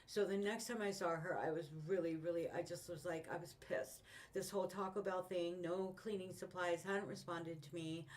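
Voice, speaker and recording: A woman's voice: lowish voice, fairly even intonation, normal speed, a little mellow. A woman in her fifties venting in a rambling, frustrated way, swearing often, with her mic set far away. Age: 50s. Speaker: vlogger. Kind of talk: casual venting monologue.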